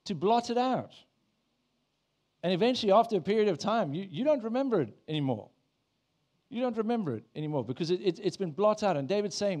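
A man's voice: high-pitched, lively intonation, a little fast, darkish tone. Man preaching a chatty sermon. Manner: conversational, asks the congregation questions. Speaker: pastor. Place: church.

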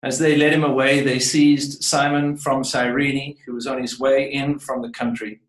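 A man reading scripture aloud and preaching a reflective sermon in a church, often restarting and repeating words as he builds his point. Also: medium pitch. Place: church sanctuary. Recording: echoey room, voice from a distance.

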